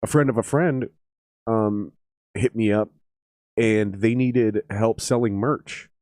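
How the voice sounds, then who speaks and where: Podcast host, man, lowish voice, swears freely, lively storyteller; dry recording. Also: slow, no room sound. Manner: profane, energetic storyteller. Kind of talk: casual podcast chat.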